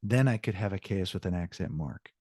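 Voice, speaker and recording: A man teaching an online Spanish lesson in an upbeat, encouraging way, often stopping to correct himself. His voice sits on the low side. The sound is dry and close, with no room around it. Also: animated, brisk, darkish tone, dry recording.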